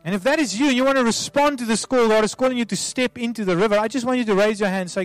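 A man as a pastor leading an altar call prayer, soft and pleading, repeating himself with many restarts. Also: very high-pitched, rapid-fire, few pauses, no room sound. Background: soft music.

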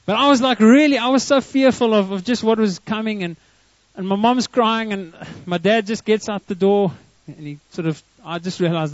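A middle-aged South African man preaching in a casual, story-driven way, his voice sitting notably high for a man. He stumbles and restarts often as he tells his tale. The sound is dry and a little muffled. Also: moderate pace, no echo. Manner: storytelling, conversational, with frequent restarts and chuckles. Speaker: pastor. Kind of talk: sermon. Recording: dull, muffled dry recording.

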